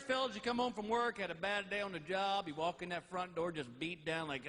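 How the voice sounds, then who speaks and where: A man's voice: high-pitched, brisk, few pauses, sharp tone. A middle-aged man, performing a folksy stand-up routine and acting out both sides of a marriage. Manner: folksy drawling storyteller acting out wife and husband. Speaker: stand-up comedian. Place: theater stage before a live audience. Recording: live show with audible room noise.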